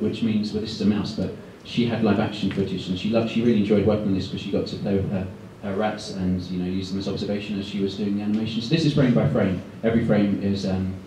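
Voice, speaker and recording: A man giving a guest talk to art students, talking quickly and loosely with many ums. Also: on the low side, mellow. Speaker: guest speaker at an art school. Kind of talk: presentation to students. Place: lecture room. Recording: echoey room, far from the mic, faint noise.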